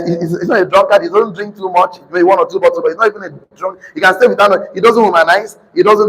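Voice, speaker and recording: A man with a Nigerian accent preaching to a live congregation, calling for responses and slowly repeating key lines for notes. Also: high voice, husky. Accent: Nigerian English. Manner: sudden shouted emphasis. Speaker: motivational preacher. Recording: reverberant hall.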